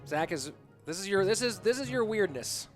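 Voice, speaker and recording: A man's voice: high voice, animated, moderate pace, soft background music. A man hosting a live stream, chatting casually with viewers while checking his connection. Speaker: stream host and commentator.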